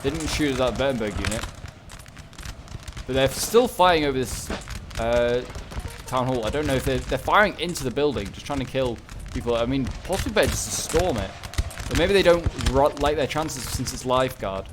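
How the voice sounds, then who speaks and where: Male gaming host, casual excitable play-by-play, average pitch, game gunfire clearly audible under the voice. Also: brisk. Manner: chatty, excitable, rambling with fillers. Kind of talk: casual game battle commentary. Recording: gunfire and battle sounds over voice. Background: game gunfire and battle noise.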